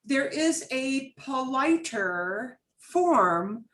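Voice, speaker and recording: A woman's voice: sits high, lively intonation, extremely slow, a bit bright. A woman teaching a beginners' Spanish class over a video call, explaining patiently and repeating phrases.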